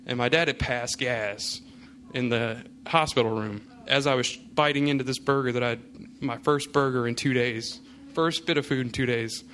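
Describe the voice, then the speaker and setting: A male pastor speaking at a middle pitch, loose and conversational, leaning on fillers as he tells a story. The telling has an easy, unhurried sermon feel. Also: a bit bright. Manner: casual storytelling, many fillers. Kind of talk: sermon with personal anecdote.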